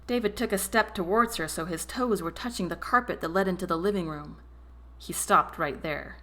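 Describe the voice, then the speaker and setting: A woman narrating a romance novel chapter in an expressive reading voice. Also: on the low side, moderate pace. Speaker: audiobook narrator. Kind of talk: storybook narration.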